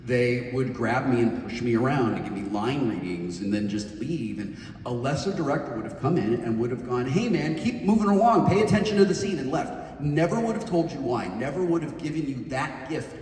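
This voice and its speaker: Earnest man speaking in a booming hall. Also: expressive, moderate pace. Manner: earnest, forceful, wry. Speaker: panel guest. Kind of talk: onstage panel remarks. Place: large hall on stage. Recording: very echoey hall from far off.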